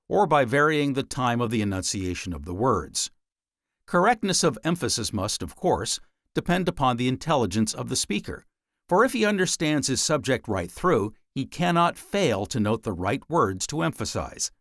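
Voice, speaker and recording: A man reads an old book aloud as an audiobook narrator, in a measured and deliberate voice. His pitch rises and falls a great deal as he leans into key words. The sound is dry and close, with no room around it. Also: no room sound. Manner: measured, deliberate reading with dramatic pauses.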